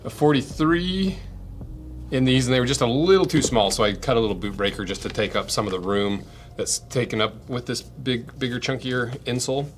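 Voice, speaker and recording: Low-voiced American man musing over boots. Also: fairly bright tone, a little hiss or hum. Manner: thinking aloud, rambling and self-questioning. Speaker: boot reviewer. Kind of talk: casual unboxing review.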